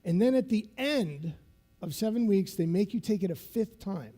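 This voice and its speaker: A man in his fifties speaks as a keynote speaker, sharing a vivid motivational story and checking in with the audience throughout. His high, warm voice moves in lively intonation at a moderate pace.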